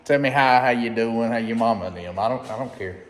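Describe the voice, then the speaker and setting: Excitable man in an echoey shop. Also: medium pitch, quick pace, slight background noise. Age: 30s. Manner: excitable, folksy, drawling. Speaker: DIY vlogger. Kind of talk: casual vlog. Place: unfinished workshop building. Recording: echoey reverberant shop room.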